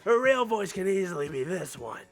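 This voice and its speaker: A game streamer rambling casually while playing, chatty and quick to laugh. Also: mid-range voice, sing-song, soft background music. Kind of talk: casual let's-play commentary.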